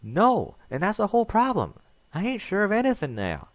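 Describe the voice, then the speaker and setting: Kind, frank young mare with a twang, voiced by a man, pitched up and lively. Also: normal speed, no room sound. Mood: earnest. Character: earnest young female farm pony, kind and frank.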